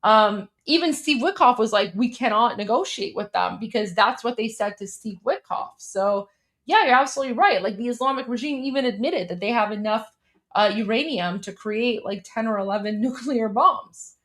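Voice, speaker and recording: A woman's voice: fairly high pitch, lively intonation, normal speed, fairly bright tone. A young adult woman from Iran, hosting a live stream and reacting to a hearing with heated, scornful commentary, often repeating herself for emphasis.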